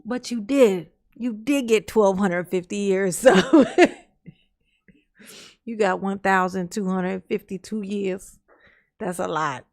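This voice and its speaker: A woman's voice: medium pitch, slow pace, pauses often, darkish tone. A woman hosting a reaction commentary, teasing and sassy, laughing often as she mocks what she watches. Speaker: commentary channel host.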